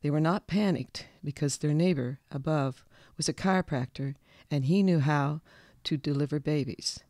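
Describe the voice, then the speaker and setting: A man reading a local history story aloud in a calm, measured scripted narration. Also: fairly high pitch, dry recording, studio quality.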